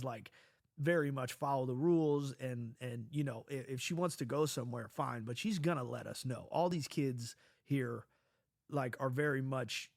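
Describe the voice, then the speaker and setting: A man with a medium-pitched, creaky voice and a nose stuffed up from a cold tells a personal story, rambling casually and animatedly. He swears often and keeps restarting sentences. The recording is clean studio sound with no echo.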